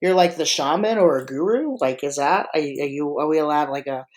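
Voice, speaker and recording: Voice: medium pitch, a little fast. A podcast host and freelance choreographer chatting casually, rambling and joking with many restarts. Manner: rambling, self-interrupting, joking. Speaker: freelance marching arts choreographer. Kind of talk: casual live podcast chat.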